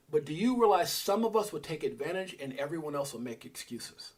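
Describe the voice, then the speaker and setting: Middle-aged male livestream host, husky and higher-pitched, preachy and fired up, shouts out his chat. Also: very animated, fairly quick, hardly any pauses. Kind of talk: energetic motivational livestream rant.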